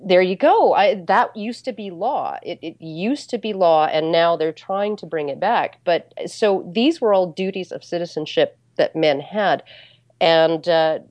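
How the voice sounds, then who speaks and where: Low-voiced woman explaining deliberately. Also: a little mellow, dry recording, muffled recording. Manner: deliberate, explanatory, with many fillers. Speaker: interview guest. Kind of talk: casual interview.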